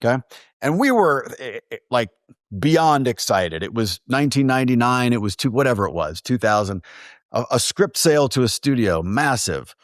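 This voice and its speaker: Man telling lively producer anecdotes. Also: mid-range voice, normal speed, dry recording, studio quality. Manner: animated anecdotes with quoted dialogue. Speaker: film producer, guest. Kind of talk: casual storytelling interview.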